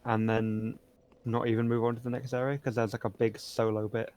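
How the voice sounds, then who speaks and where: A man's voice: mid-range voice, level tone, a little fast, darkish tone. A man guiding a friend through a game, joking and rambling with fillers. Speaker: guiding player. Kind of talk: casual gaming chat.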